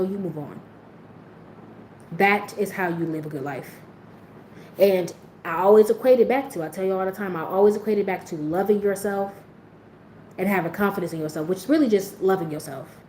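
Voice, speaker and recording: A woman's voice: mid-range voice, a little mellow. A woman speaking candidly to her livestream viewers. She is blunt and profane, and her voice sits in the middle range. The sound comes through a roomy, echoing space with a faint hiss underneath. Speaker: livestream host. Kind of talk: candid motivational livestream talk.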